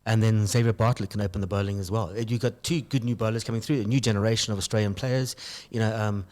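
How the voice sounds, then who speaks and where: A man's voice: fairly low pitch, steady tone, quick pace, a little mellow. A man co-hosting a casual sports talk radio show, hesitant and earnest, with many ums and uhs. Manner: hesitant, filler-heavy, earnest. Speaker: radio co-host.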